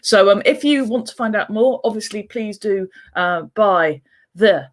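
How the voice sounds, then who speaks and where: A woman's voice: medium pitch, unhurried. A woman author talking through a casual explanatory vlog in a chatty, rambling way, with asides and restarts. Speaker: children's book author.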